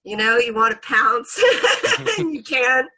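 Bright-voiced woman telling a lively story. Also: on the high side, slow pace. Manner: animated, laughs often, acts out quotes. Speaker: podcast guest. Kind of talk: casual storytelling chat.

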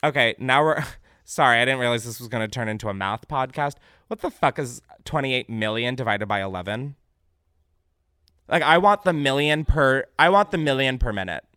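Animated sarcastic young male podcast host. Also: mid-range voice, normal speed, clean tone, no room sound, clean studio sound. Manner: animated, sarcastic, swears freely, breaks into laughter. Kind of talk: casual comedic news chat.

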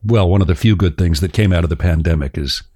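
A man's voice: sits low, fast talker, dark tone, breathy edge. A man hosting a podcast, telling a story in a casual, joking way. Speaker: podcast host.

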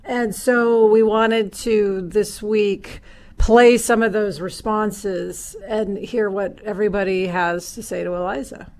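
A woman's voice: medium pitch, steady tone, takes it slowly, a little mellow. Easygoing woman podcast co-host. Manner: easygoing, conversational with fillers. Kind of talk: casual podcast conversation.

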